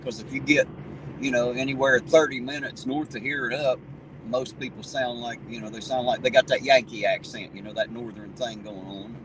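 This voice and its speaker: Easygoing southern Ohio hillbilly man streaming from his car, a bit off-mic, road noise loud behind him. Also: mid-range voice, little pitch movement, brisk, recorded from a distance. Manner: folksy, easygoing, swears casually. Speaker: livestream host. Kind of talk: casual live-stream chat, reading viewer comments. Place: in a car driving around town at night.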